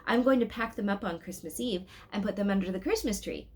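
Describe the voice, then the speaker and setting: A woman voicing an earnest, shy young boy in a storybook, pitched higher and louder. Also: a little fast, lightly acted.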